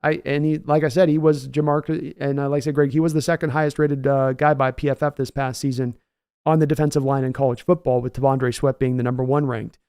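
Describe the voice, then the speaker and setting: A man's voice: mid-range voice, little pitch movement, fast, darkish tone, clear, resonant tone, no room sound, clean studio sound. A man hosting a casual livestream, chatting loosely and answering viewers' comments by name. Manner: rambling, conversational, reads out viewer names. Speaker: host.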